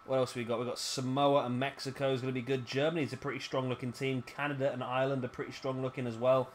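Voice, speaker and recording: A man's voice: medium pitch, little pitch movement, fast talker, slight background noise. Chatty British man commenting on a game. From Britain. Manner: chatty and rambling, with self-corrections. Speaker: gaming commentator. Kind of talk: casual play-by-play commentary.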